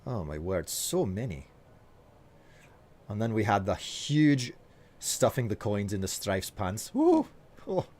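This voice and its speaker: Chatty Scottish man, low voice. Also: expressive, slow, pauses often, a little mellow. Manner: chatty, answers viewer messages with hesitant fillers and laughs. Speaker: streamer. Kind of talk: live stream chat while gaming.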